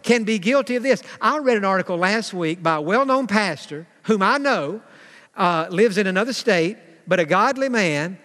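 High-voiced preacher in a reverberant church hall. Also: male voice, animated, fairly bright tone. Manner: preaching with dramatic slowdowns and acted-out quotes. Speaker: pastor. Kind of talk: sermon.

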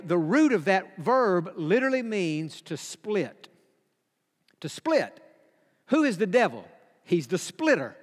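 Man, sermon, higher voice, emphatic repetition, church hall reverb. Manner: emphatic, repeats key phrases, drops to a hush for quoted whispers. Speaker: preacher.

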